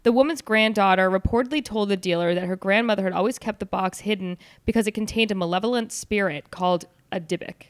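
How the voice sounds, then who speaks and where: A woman hosts a relaxed chat, reading stories aloud and breaking off into joking asides. Her voice sits in the middle range and sounds dry and close, with no room around it. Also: mid-range voice, fast talker, few pauses, clean tone, no echo. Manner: loose and joking, reads with fillers and asides. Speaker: podcast host.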